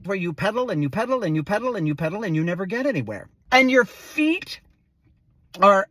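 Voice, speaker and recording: A woman's voice: mid-range voice, sing-song, fairly quick, fairly bright tone, no room sound. A woman telling a comic story in a wry, sassy, theatrical way. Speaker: performer.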